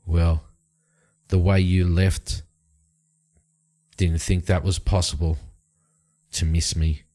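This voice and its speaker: A man's voice: deep voice, little pitch movement, slow, warm tone, faint music behind. A man voicing a terse, guarded male vigilante who answers in short, clipped lines.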